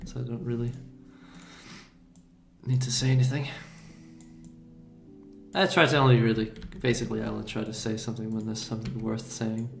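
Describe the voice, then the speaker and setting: A man hosting a casual livestream about his animation work, talking in a low-key, joking way. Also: flat delivery, gravelly. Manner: laid-back, deliberately low-key, joking. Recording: roomy room sound with faint music.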